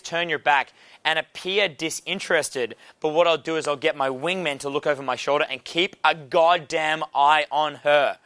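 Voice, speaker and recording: A man teaching a dating seminar in a brash, profane, animated way. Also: fairly high pitch, no room sound. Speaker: dating coach.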